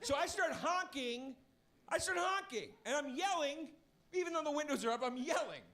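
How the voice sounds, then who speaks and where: Animated comedian man, wildly lively pitch. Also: moderate pace. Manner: animated storyteller who jumps to high yelling voices. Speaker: stand-up comedian. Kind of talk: stand-up routine.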